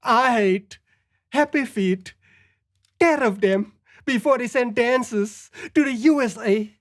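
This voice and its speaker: A woman's voice: a little high, slow, no room sound, studio quality. A woman putting on a blustering, grumpy older male politician in a comedy sketch. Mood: grumbling.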